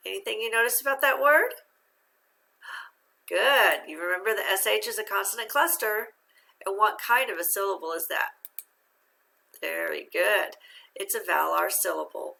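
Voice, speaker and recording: A woman's voice: medium pitch, creaky, sharp tone. A middle-aged woman teaching a phonics lesson to young children, patient and encouraging, asking questions and praising the answers.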